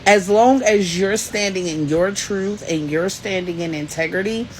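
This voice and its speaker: A woman's voice: medium pitch, moderate pace, a little mellow, a little hiss or hum, poor audio. A woman hosting a podcast, giving an emphatic personal motivational talk, repeating key lines for emphasis and addressing the listener directly. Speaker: podcast host.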